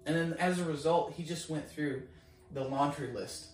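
A man recounts a story in casual chat, playing out both sides of the exchange himself. His voice sits a little high, and his excitement climbs as he goes. He is recorded from a distance in a very echoey room. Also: moderate pace, slight background noise. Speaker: guest.

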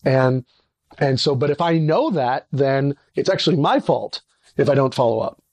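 A middle-aged ministry leader gives a conversational teaching on leadership at a normal speed, recorded with no room sound. He's animated, acting out little dialogues with sudden jumps in pitch.

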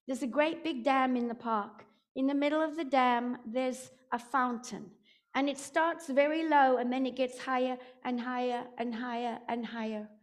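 Slow, high-voiced woman preaching. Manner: dramatic storytelling, rising to shouts. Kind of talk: sermon.

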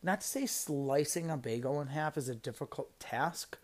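A man's voice: on the high side, normal speed. A young man on a casual podcast, retelling a work story in a heated, swearing rant with emphatic outbursts. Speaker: podcast guest recounting a job story.

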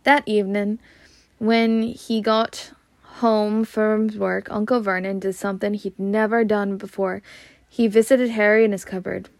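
A woman's voice: medium pitch, flat delivery, unhurried, no room sound. A woman reading a novel aloud, often stumbling over words and restarting. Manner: stumbling, frequent restarts, self-laughing. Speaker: amateur reader.

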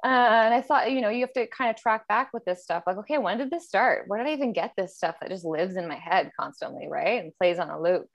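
A woman's voice: medium pitch, quick pace, creaky, hardly any pauses. Reflective woman chatting on a podcast. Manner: reflective, laughs often. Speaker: podcast co-host. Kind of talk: casual chat.

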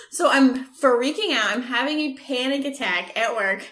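A young woman co-hosting a casual chat, excitable and swearing as she rushes through her stories. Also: sits high. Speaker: podcast co-host.

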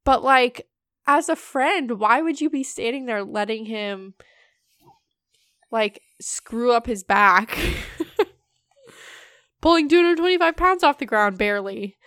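A woman's voice: sits high, expressive, fairly bright tone, clear, resonant tone, no room sound. Giggly young woman, dry close sound. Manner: giggly, quick asides, teasing. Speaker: podcast co-host. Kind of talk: casual chat.

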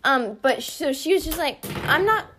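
A young woman co-hosting a podcast, telling a story in an animated, giggly way and acting out the quotes, talking close into a phone. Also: sits high, a little fast, a little hiss or hum. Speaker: podcast co-host. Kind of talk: casual storytelling chat. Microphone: phone held close.

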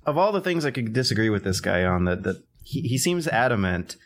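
A man on a casual gaming podcast, with a low voice. He rambles through the news with many fillers and restarts. He keeps talking while he eats. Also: big pitch swings, fairly quick. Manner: rambling, filler-heavy, does gruff old-man impressions. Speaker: podcast co-host.

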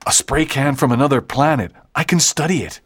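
A woman reading aloud and voicing an eager, clever teenage schoolboy in a lowered, earnest tone. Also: fairly quick, breathy edge, no echo, clean studio sound.

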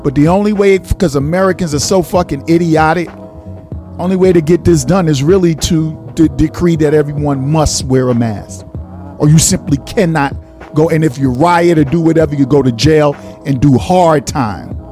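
A man's voice: fairly high pitch, normal speed, warm tone, soft background music. A male radio host talking casually, blunt and profane as he rants to his listeners.

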